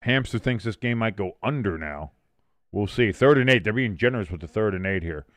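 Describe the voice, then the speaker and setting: A man's voice: fairly low pitch, brisk, dry recording. Man calling a game live on stream. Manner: animated, bursts of excitement on big plays; swears casually. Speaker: watch-along host. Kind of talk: live play-by-play commentary.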